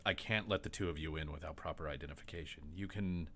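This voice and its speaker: A suspicious, curt gatekeeper, as a man puts him on, issuing stern, grudging warnings. His voice sits very low in pitch. He sounds like a wary city official in a tabletop game. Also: fast talker, fairly bright tone, a little hiss or hum.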